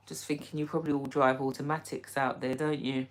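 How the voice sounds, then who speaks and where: A woman's voice: very deep voice, flat delivery, fairly quick. A woman hosting a casual livestream, reading viewer comments aloud and chatting back playfully, with easy laughter. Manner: laughs easily, playful teasing. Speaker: livestream host. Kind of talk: casual live-stream chat.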